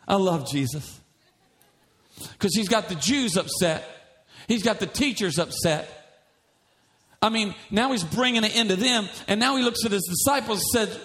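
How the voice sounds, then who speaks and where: A middle-aged pastor preaching a sermon, reading scripture aloud and building in fervor. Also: male voice, high-pitched, lively intonation, normal speed, fairly bright tone.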